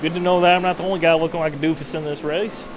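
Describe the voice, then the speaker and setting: Dude doing a goofy southern-accent race caller, folksy drawl, hammy, bit of noise behind. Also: male voice, a little high, little pitch movement, racing, natural voice. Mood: excited hamming. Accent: put-on American Southern. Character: fake Southern good-old-boy race commentator, hammy. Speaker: race commentator.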